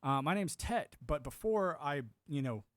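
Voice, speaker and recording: A man's voice: fairly high pitch, unhurried, dry recording, clean studio sound. A man in his thirties from the United States, hosting a livestream in a casual, rambling monologue, often acting out quoted voices. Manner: animated, acts out quoted voices, filler-heavy. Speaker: livestream host.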